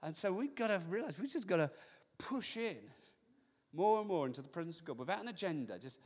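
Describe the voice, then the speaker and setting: A man preaching a sermon as pastor, lively, now and then acting out voices of people in the story. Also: high voice, brisk, big-room sound.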